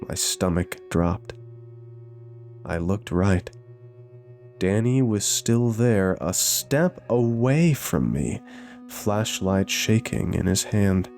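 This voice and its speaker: A man narrating a scripted horror story with a measured, suspenseful delivery. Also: lowish voice, lively intonation, darkish tone, faint music behind.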